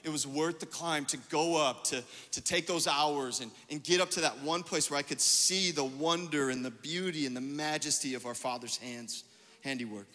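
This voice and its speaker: A man preaching a sermon as pastor, telling a story with lively quoted dialogue. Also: on the high side, normal speed, big-room sound.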